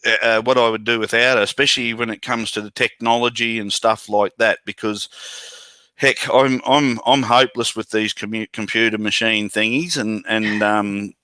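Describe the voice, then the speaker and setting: An Australian man who entertains children, chatting in an interview over a video call, self-deprecating and halting with many restarts. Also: on the low side, level tone, sharp tone, clear, resonant tone, no room sound. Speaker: children's entertainer and bush poet.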